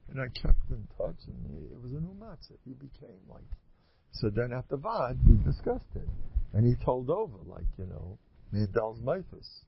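A man's voice: mid-range voice, sing-song, normal speed, gravelly. A man giving an informal religious talk to an audience, rambling through stories and acting out both sides of conversations. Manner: rambling storyteller who acts out dialogue. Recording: muffled lo-fi recording with faint noise.

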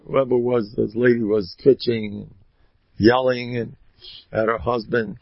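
An unhurried man tells folksy religious stories, sprinkling in Yiddish and Hebrew words. He's animated, acting out the people in his tales with big jumps in pitch, and the recording is lo-fi with no echo.

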